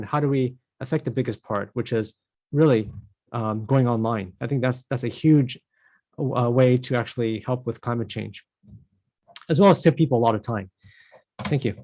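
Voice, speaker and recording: A man's voice: mid-range voice, a little fast, a little mellow. Male council member, casual meeting talk, lots of restarts and filler. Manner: rambling, many restarts and "you know".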